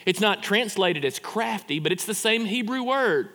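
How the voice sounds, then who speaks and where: Brief: male pastor, sermon, lively up-and-down delivery, reverberant hall. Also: sits high, normal speed. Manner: animated, conversational preaching with rhetorical questions and repeated restarts.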